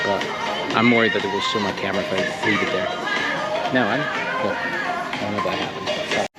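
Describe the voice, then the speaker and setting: Rambling man vlogging over loud music. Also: lowish voice, low-quality recording. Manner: rambling, thinks aloud, restarts and trails off. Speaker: actor and fitness vlogger. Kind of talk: casual vlog self-talk.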